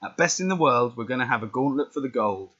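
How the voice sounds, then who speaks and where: A man's voice: mid-range voice, expressive, fast talker, fairly bright tone. A man reading out the lines of a brash male wrestling authority figure, announcing in a plain voice. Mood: commanding. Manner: read aloud plainly, announcing. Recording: dull lo-fi recording.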